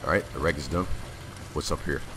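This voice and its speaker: Very deep-voiced male gamer, slightly raspy. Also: fairly quick, over music. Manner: jumpy, with sudden loud exclamations. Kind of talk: casual gameplay commentary.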